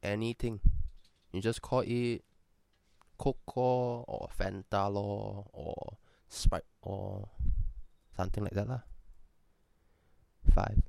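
A man's voice: lowish voice, level tone, slow, vocal fry, long pauses, warm tone, no room sound. A man speaking in a put-on Singaporean English accent, chatting casually through a list of prompts in a playful, profane way with joking asides. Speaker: vlogger doing an accent tag. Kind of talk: casual chat reading prompts.

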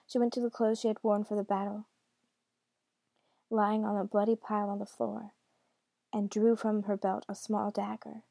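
A woman reading a dark fairy tale aloud in a hushed, intimate way, often dropping close to a whisper. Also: medium pitch, flat delivery, moderate pace, gravelly, long pauses, dry recording. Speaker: storyteller. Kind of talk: storybook reading.

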